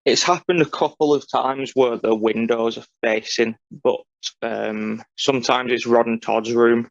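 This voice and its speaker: A man's voice: medium pitch, creaky, no echo, highs cut off. A man co-hosting a podcast, talking casually in long, detail-minded explanations. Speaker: podcast co-host. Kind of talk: casual chat.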